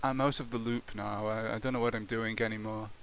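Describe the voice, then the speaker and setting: A man making prank phone calls in a deadpan, mock-polite way, then chatting casually to his listeners. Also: fairly low pitch, brisk, vocal fry. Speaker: prank caller and host. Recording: faint hiss behind the voice.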